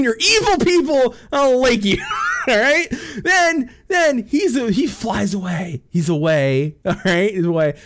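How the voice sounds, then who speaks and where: A man recapping a game story as a rambling comedic rant, swearing freely, laughing often and acting out the characters. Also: sits high.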